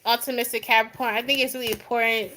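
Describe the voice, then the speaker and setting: A woman's voice: on the high side, little pitch movement, quick pace, bright, forceful tone, a little hiss or hum. A young adult woman doing a live tarot reading, chatting with viewers by name in a goofy, easygoing way and laughing often. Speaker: tarot reader.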